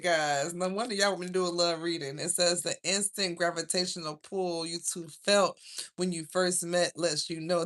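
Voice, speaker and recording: A woman with a Southern US accent, chatting casually through a live tarot reading from home, slangy and quick to laugh. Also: on the low side, fairly bright tone. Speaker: tarot reader.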